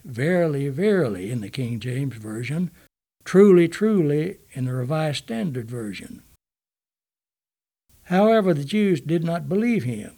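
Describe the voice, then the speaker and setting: Slow, measured man reading scripture study. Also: fairly high pitch, dark tone.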